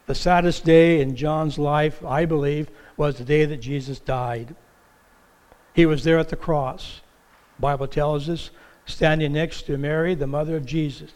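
A man delivers a sermon from a church stage, lively and storytelling, his voice sitting a touch high for a man. He acts out the voices in his quotes as he goes. The sound carries the long reverb of a large hall. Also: unhurried, smooth. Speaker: pastor. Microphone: stage microphone with monitor.

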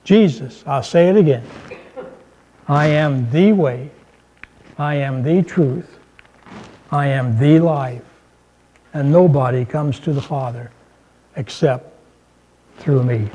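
A man's voice: medium pitch, slow pace, long pauses, dark tone, lo-fi sound. A man preaching a sermon in a conversational way, mixing humor and scripture and lifting his voice for emphasis. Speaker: pastor.

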